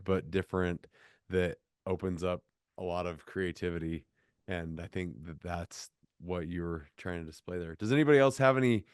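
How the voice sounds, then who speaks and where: A man's voice: low-pitched, clean tone, no echo, clean studio sound. A man hosting an interview for a university lecture series, friendly and affirming as he wraps up and thanks his guest.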